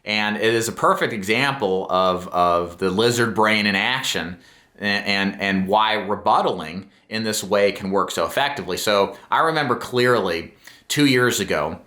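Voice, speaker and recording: A middle-aged man coaching new sales agents, his voice bright and forward. He lays out points earnestly and with emphasis, checking in with listeners as he goes, in a roomy space with noticeable echo. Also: on the low side, moderate pace. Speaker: insurance sales trainer. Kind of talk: instructional talk to camera.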